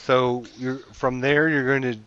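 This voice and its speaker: A man serves as game master, narrating scenes in an easy, chatty way at an ordinary pitch. His voice comes through dull and lo-fi, like an online voice chat. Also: little pitch movement, measured pace, fairly bright tone, smooth, no echo. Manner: casual narration, loose and chatty.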